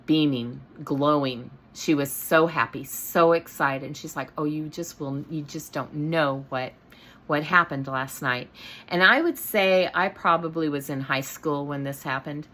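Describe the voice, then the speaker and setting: Low-voiced woman telling a rambling story. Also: sharp tone. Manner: rambling, many fillers and restarts. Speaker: host. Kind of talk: casual personal storytelling.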